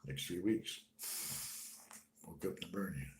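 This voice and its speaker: A man with a low voice tells his own story in a halting, conversational way, sinking to a near murmur at times and then bursting out loudly. He sounds like he is in an echoey room, with faint noise behind him. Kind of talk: spoken personal story.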